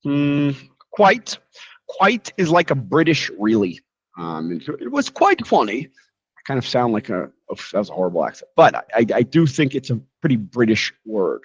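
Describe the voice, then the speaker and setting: A man teaching a casual English lesson, explaining with jokes and lively asides. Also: mid-range voice, moderate pace, husky, dry recording, muffled recording. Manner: lively, joking, animated explanations.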